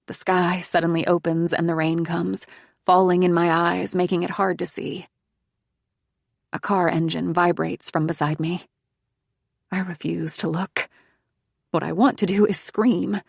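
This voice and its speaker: A woman narrating a psychological thriller audiobook in the first person, in a tense, hushed manner. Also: lowish voice, level tone, unhurried, gravelly, long pauses, no echo, studio quality.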